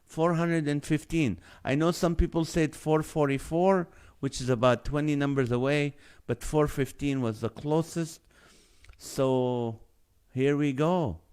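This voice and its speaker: A man's voice: on the high side, a little slow, a little mellow, clear, resonant tone. A man hosting a live stream, reading viewer names and guesses aloud and laughing often.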